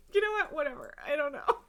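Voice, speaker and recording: A woman's voice: mid-range voice, pushed and bright. A woman streamer chatting casually to her viewers, rambling through tangents with frequent laughs, fillers and swearing. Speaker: livestreamer. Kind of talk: casual live-stream chat.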